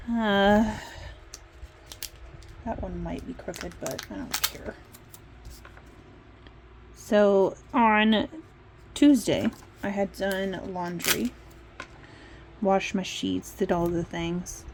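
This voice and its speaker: Vocal-fry woman, casual planner chat. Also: mid-range voice, noisy background. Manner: rambling, candid, mildly profane. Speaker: planner vlogger. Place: at home.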